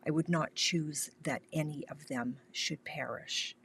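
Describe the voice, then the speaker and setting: An older woman from Canada hosting a live craft stream, chatting warmly and reassuringly, often sinking to a near whisper, with the hiccups. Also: low voice, measured pace, a little hiss or hum. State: has the hiccups. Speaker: independent craft demonstrator.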